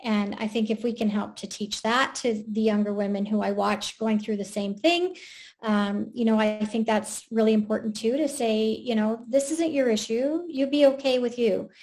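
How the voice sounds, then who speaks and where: A woman's voice: mid-range voice, fairly even intonation, moderate pace, a little mellow. A woman speaking as a panelist, earnest and encouraging. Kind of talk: casual panel chat.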